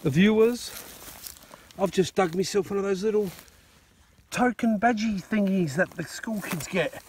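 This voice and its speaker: An Australian man filming a casual outdoor vlog on his phone, chatting excitedly to viewers and calling his mate "mate" a lot. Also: high-pitched, measured pace, slightly rough. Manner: excitable, blokey, lots of "mate" and "righto". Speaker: metal detecting channel host. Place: outdoors at a dig site. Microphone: phone camera.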